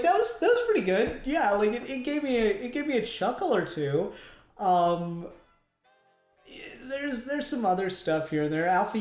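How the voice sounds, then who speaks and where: A podcast co-host talking casually about a film in a relaxed, swearing-laced way. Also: medium pitch. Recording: roomy podcast audio.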